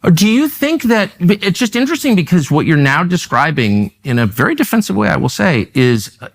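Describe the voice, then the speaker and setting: A man's voice: high-pitched, sing-song, brisk, gravelly. A man interviewing a senator in a debate, pressing him with pointed, incredulous questions.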